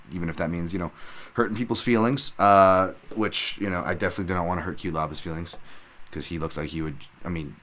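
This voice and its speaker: A man with a fairly low voice hosts a casual solo podcast, talking through fight results in a loose, rambling way. He keeps up a steady stream of fillers and restarts. When he retells a story, he acts out the excited shouts. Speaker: podcast host and MMA analyst.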